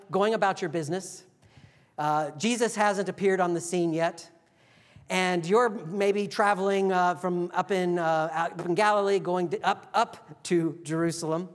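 A pastor preaching a sermon, telling the story vividly and acting out the quotes. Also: male voice, sits high, in a large hall.

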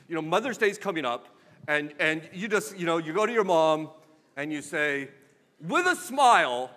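Male pastor, slightly high voice, conversational sermon, wry and emphatic. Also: fairly bright tone.

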